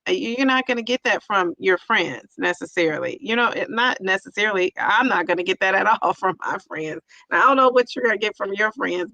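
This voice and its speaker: A woman's voice: mid-range voice, gravelly, sharp tone, dry recording, low-quality recording. A woman hosting a livestream, reading viewer comments aloud and reacting with frequent laughter and repeated "yes, yes.". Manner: chatty with false starts. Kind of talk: casual chat.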